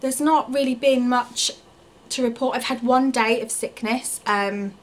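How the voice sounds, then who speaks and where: A woman's voice: on the high side, unhurried. A woman in her thirties gives a candid, chatty family vlog update with frequent ums. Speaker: family vlogger.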